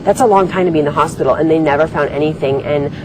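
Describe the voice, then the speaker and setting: A young woman with a notably low-pitched voice tells a personal story in loose, rambling speech, stacking fillers as she goes. Faint background noise hums beneath her. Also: rapid-fire. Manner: rambling, filler-heavy talk. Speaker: reality show contestant. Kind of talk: casual storytelling.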